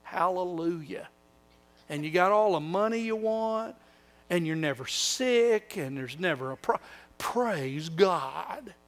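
Older preacher, high voice. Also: male voice, animated, slow pace. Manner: swings from hushed reverent lines to raised, mocking whiny quotes; repeats phrases for emphasis. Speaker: pastor. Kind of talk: sermon.

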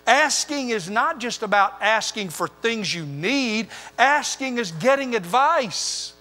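A man's voice: extremely high pitch, expressive, takes it slowly, few pauses, bright, forceful tone, faint music behind. An older man preaching a sermon as pastor, building emphasis through repeated phrases. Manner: preaching with rising emphasis and repetition. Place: church sanctuary. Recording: long hall reverb.

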